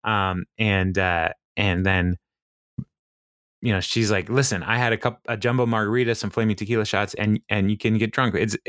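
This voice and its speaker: A man's voice: lowish voice, fairly even intonation, normal speed, fairly bright tone, no room sound, clean studio sound. A man chatting casually on a podcast, retelling a TV episode with frequent laughs and fillers. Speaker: podcast co-host. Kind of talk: casual chat recapping a TV episode.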